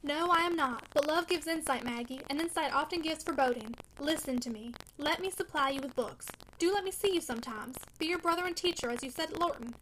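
A brooding young man, bitter and earnest, pressing his case with vehemence in a storybook reading, as a woman reads him. The voice sits high and bright and moves along at a quick clip. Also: slight background noise, rough recording. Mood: pleading. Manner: vehement, pleading.

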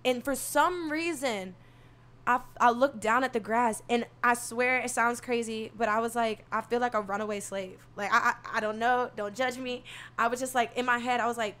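A soft-spoken young woman telling a story in casual talk, animated and profane, acting out what people said. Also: fairly high pitch, normal speed. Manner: animated, swearing, acts out quotes.

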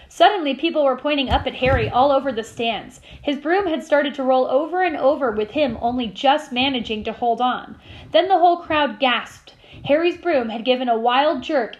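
A woman teacher reading a novel aloud to her class with expressive storytelling. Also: high voice, dull audio.

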